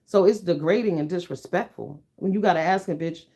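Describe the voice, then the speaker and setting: A woman's voice: fairly low pitch, a little fast, dark tone, breathy edge. A middle-aged woman chatting to her viewers, telling a story in a blunt, profane, emphatic rant. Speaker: YouTuber. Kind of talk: casual chat to viewers.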